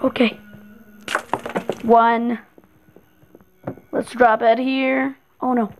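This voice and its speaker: Excitable high-voiced woman gaming. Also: slow, pauses often, dull audio, faint music behind. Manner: excitable, repeats words in bursts. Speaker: gameplay streamer. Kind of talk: live horror game commentary.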